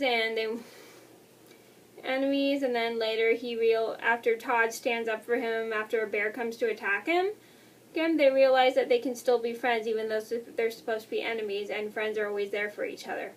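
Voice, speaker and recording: Young woman in her twenties, high voice, quick rambling vlog talk, heard a bit off the mic. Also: distant mic. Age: 20s. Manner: fast, rambling, apologetic. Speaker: vlogger. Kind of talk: casual movie review.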